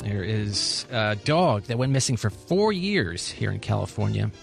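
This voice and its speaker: A man reading a light news story on a radio show in a calm, matter-of-fact way. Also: on the low side, measured pace, vocal fry, faint music behind. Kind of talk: casual news segment.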